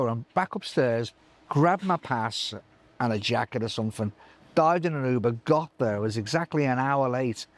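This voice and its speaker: A middle-aged live sound engineer telling animated stories in an interview, acting out other people's voices with many restarts. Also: male voice, mid-range voice, moderate pace, no echo. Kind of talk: anecdotal interview chat.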